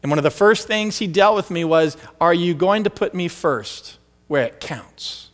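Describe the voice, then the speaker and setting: A man's voice: sits high, moderate pace. A man preaching a storytelling sermon as pastor, acting out the voices of the people in his stories. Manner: animated, acts out quoted voices. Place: church sanctuary. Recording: long hall reverb.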